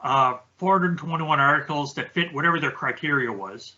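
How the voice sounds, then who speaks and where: Male podcast co-host, easygoing explainer, fairly bright tone, somewhat dull recording. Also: on the high side, moderate pace. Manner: relaxed, explains research points step by step. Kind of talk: casual conversational chat.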